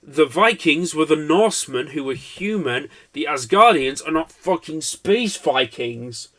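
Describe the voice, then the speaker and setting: A man putting on a clumsy voice for a dim, friendly male rock alien, talking in a halting, rambling way. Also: a little high, animated, a bit bright. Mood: chatty.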